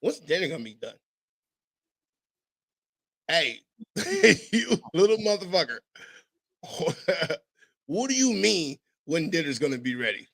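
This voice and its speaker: A man hosting a casual podcast chat, telling stories as a father in an animated, profane way and mimicking other people's voices. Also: on the high side, takes it slowly, gravelly, long pauses. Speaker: podcast host.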